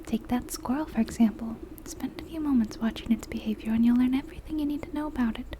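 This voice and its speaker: A woman's voice: a little high, fast talker, noisy background, natural voice. A woman voicing a fussy, distracted bird watcher who talks in a prim, pompous way in a whispered role-play.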